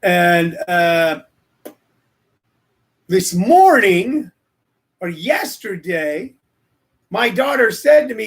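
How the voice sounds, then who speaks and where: Speaking extremely slowly and pausing often, this man in his sixties has a high, very animated voice. He hosts a relaxed livestream show as a comedian, joking and rambling off-topic between plugs and stories.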